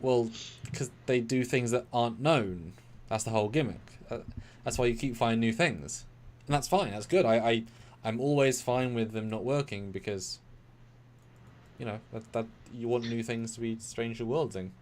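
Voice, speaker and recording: A man's voice: mid-range voice, moderate pace, darkish tone. A man co-hosting a live review stream, talking in rambling, analytical bursts that sometimes speed up. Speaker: co-host of a live review show. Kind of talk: casual live-stream discussion.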